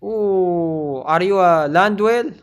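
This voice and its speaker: A man roasting strangers on a video chat, teasing and mocking them in loud bursts with sudden yelps and laughs. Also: high-pitched, slow pace, background noise. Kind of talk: loud joking banter.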